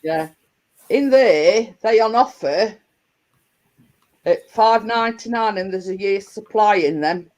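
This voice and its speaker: A woman's voice: mid-range voice, takes it slowly, pauses often, darkish tone, poor audio. A woman hosting a casual livestream, chatting to her viewers in a rambling way with lots of restarts and fillers. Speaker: livestream host. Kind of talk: casual live chat to viewers.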